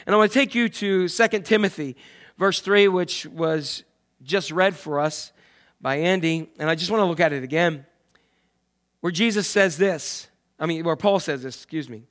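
A pastor preaching a conversational sermon, often asking the congregation questions. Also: male voice, fairly high pitch, moderate pace, a bit bright.

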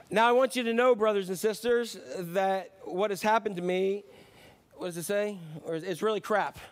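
A man preaching a sermon as pastor, telling a joke with lively character voices. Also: sits high. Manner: animated storyteller, voices characters.

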